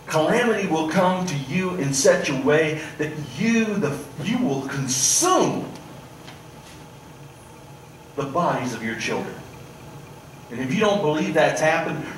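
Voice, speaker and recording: Male pastor preaching, kinda high voice, echoey church room, mic a ways off. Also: recorded from a distance, slight background noise. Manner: animated preaching, swings from loud to hushed. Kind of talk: sermon. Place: church sanctuary.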